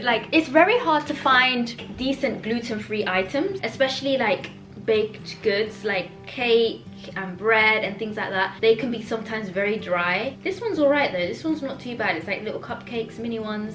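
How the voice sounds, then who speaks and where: A young woman chatting casually in a reading vlog, outspoken and animated as she reacts. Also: medium pitch. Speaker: book vlogger. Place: home room. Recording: roomy echo, faint background music.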